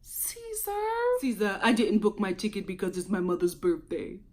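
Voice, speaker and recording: A woman's voice: mid-range voice, huge pitch swings, moderate pace, darkish tone, voice pushed down. A woman putting on a vague foreign accent to mimic a girlfriend making excuses. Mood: pleading.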